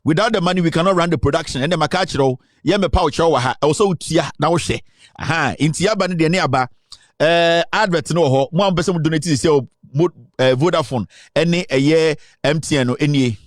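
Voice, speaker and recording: A man's voice: a little high, brisk, no echo, clean studio sound. Boastful Ghanaian man hosting live. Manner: boastful, switches between Twi and English, rambling asides. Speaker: online show host. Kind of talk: live political talk stream.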